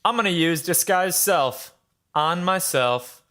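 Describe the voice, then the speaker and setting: A man's voice: high voice, animated, slow, bright, forceful tone. A young man playing a tabletop game, rambling and unsure, laughing often. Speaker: player.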